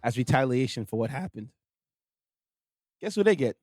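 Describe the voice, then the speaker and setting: A man's voice: medium pitch, expressive, moderate pace, darkish tone, dry recording, studio quality, faint music behind. A man co-hosting a podcast, telling a story in casual banter and stumbling over words now and then. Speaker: podcast co-host.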